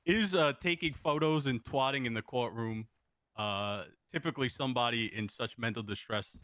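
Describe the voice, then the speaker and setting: A man's voice: medium pitch, normal speed, a bit bright, dry recording. A man in role-play court, flustered and tongue-tied while asking questions. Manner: flustered, stumbling. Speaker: party cross-examining a witness.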